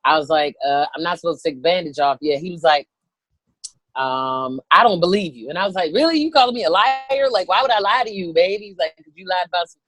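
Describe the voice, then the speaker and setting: A woman in her thirties, a comedian telling a story, animated and profane, acting out the voices of people in it. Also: fairly low pitch, fairly quick. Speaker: comedian guest. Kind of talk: comic storytelling.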